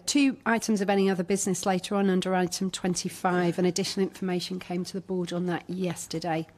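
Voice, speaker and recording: A woman chairing a public board meeting in a meeting room, speaking in a measured, formal and welcoming way. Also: mid-range voice, a little mellow.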